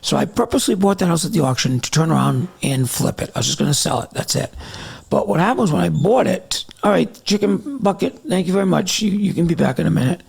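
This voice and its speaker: A middle-aged man chats loosely on a live stream from home, drifting between topics and calling out viewers by name. His voice is gravelly and husky, set a touch higher than most men's. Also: expressive, quick pace. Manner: rambling, chatty, answering viewer comments by name. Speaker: TikTok live host. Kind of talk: casual live-stream chat. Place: at home in the evening.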